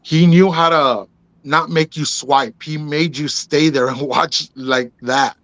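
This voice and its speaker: A man's voice: on the high side, fairly even intonation, takes it slowly, fairly bright tone, dry recording. A man on an interview show, casually telling his story, calling people "bro" and "man" and acting out the dialogue he quotes. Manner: laid-back, drops in "bro" and "man", acts out quoted dialogue. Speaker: podcast host telling his story as a guest.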